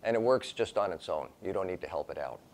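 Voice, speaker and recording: A man's voice: sits low, lively intonation, fast. A man in his sixties, a professor telling a personal story to his class in a conversational, wry way, acting out the dialogue as he goes.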